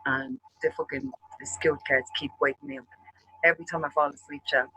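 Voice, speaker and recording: Bright husky man telling a story. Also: fairly high pitch, quick pace, poor audio. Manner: profane, rambling, animated storyteller. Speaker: show host. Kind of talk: casual storytelling chat.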